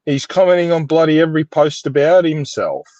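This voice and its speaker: Fired up aussie bloke ranting, voice jumps all over, dull dry call audio. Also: male voice, on the high side, animated, fairly quick, a little mellow, dry recording. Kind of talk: casual chat.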